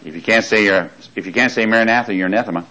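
A man's voice: on the low side, racing, bright, forceful tone, low-quality recording. A man preaching a sermon who reads scripture aloud, quizzes his congregation and repeats lines for emphasis. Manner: reads scripture aloud in King James wording.

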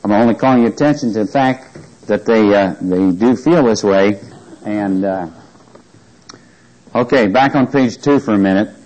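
Man teaching a Bible class, lowish voice. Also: moderate pace, a little mellow, rough recording. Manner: reads scripture aloud, asks the class questions.

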